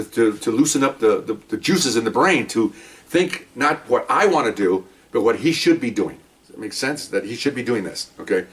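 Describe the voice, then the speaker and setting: A man's voice: medium pitch, a bit bright, far from the mic. An older man, a former police training officer, telling a rambling, folksy story and acting out what others said. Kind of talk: casual storytelling monologue.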